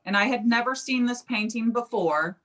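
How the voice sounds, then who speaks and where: A woman's voice: on the high side, normal speed. A woman, a psychic medium, telling a personal story in an interview and acting out the quoted speech. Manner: animated, acts out quoted speech.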